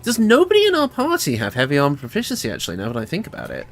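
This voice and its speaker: A man's voice: on the high side, huge pitch swings, very fast, a little hiss or hum. A man with a British accent chatting casually while streaming a game, thinking aloud and laughing often. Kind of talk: casual gameplay livestream commentary.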